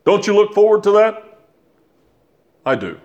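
An older man preaching a sermon, slow and deliberate, repeating phrases for emphasis and asking his listeners questions. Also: high voice, very animated, darkish tone. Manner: asks the listeners rhetorical questions.

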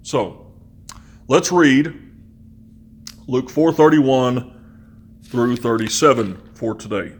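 A man preaching a sermon in a measured, emphatic way, slowing on key phrases and slipping into conversational asides. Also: medium pitch. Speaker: pastor.

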